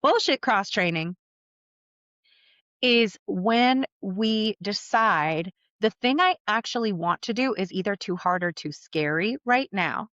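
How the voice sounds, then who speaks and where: A woman's voice: mid-range voice, expressive, takes it slowly, a bit bright, no echo, dull audio. A woman coach hosting her own podcast, talking candidly and conversationally and swearing casually. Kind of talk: solo podcast monologue.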